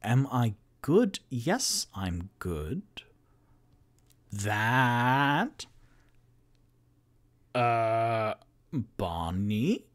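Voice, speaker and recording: A man's voice: mid-range voice, sing-song, extremely slow, pauses often. A man voicing a shy, tired young male adventurer who talks hesitantly and stammers. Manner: hesitant, stammering, soft-spoken.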